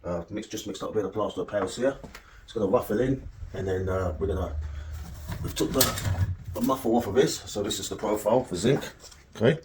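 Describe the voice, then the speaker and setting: In a low, brisk voice with background noise around him, a middle-aged plasterer demonstrates cornice work on the job. The setting is an indoor room on a work site, and his manner is chatty and joking, with frequent "okay?" check-ins.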